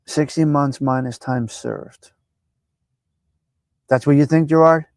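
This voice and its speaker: A man's voice: fairly high pitch, slow pace, dry recording. Brash New man hosting a chat show. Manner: brash, profane and animated, heckling viewers by name. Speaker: live show host. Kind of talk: casual live-stream chat.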